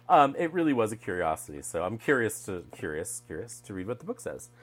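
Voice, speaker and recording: A man's voice: on the low side, big pitch swings, a little fast. A man casually chatting through a deck unboxing, wry and digressive, often trailing off mid-thought. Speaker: tarot deck reviewer. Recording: mains hum underneath.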